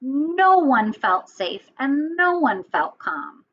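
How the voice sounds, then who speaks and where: A woman teacher telling a story to young children, animated and asking them questions. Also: high-pitched, slow, few pauses, highs cut off.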